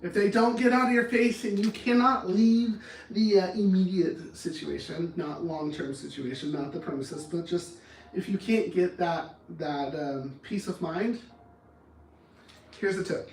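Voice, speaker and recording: A man's voice: high-pitched, unhurried, creaky, slight background noise. A man coaching on anger management, talking earnestly and often restarting his words. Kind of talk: motivational talk. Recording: roomy echo, far from the mic.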